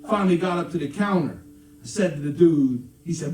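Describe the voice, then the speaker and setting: A man's voice: a little high, lively intonation, a little fast. A man telling a rambling, profane, exaggerated story live on stage between songs. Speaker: comedic storyteller and musician. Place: live music venue. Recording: echoey live room from far off, guitar.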